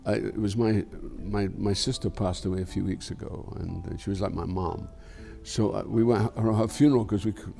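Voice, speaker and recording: An older man with a Scottish accent, speaking in a low, gravelly voice. His tone is mellow and dark, and he rambles reflectively. He swears freely and without any fuss in a candid interview. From Scotland. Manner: frank and profane, swears freely. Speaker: actor being interviewed.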